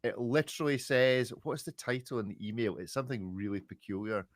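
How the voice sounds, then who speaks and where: A man's voice: medium pitch, brisk, dry recording, clean studio sound. A man hosting a casual podcast, chatty and joking, laughing often. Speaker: podcast host.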